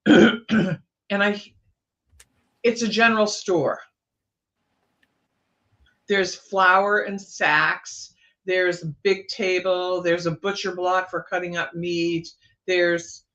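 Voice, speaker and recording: A woman's voice: lowish voice, a bit bright, dull audio. A woman, a guest psychic on a livestream, telling a personal ghost story in a meandering way, with many fillers and restarts.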